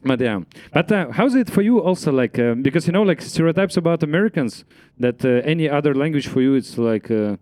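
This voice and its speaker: A young comedian with as his tells stories, his voice climbing and falling in wide swings and sitting a little high. He talks in an animated way, packed with fillers and bursts of laughter. The sound is close and dry. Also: a little fast, few pauses, dry recording. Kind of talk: casual panel chat on stage.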